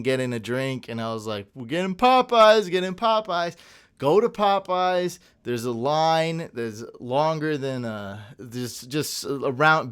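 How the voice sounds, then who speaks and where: A young man co-hosting a podcast, chatting casually and telling an animated story full of tangents and laughs. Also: medium pitch, clear, resonant tone. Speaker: podcast co-host. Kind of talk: casual chat.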